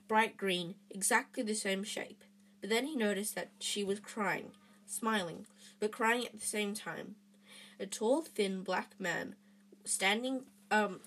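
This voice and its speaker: A woman reads a storybook aloud in a husky, breathy voice. She stumbles often, backing up over her words and filling gaps with hesitations. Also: medium pitch, a bit bright. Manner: frequent restarts and fillers. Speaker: reader.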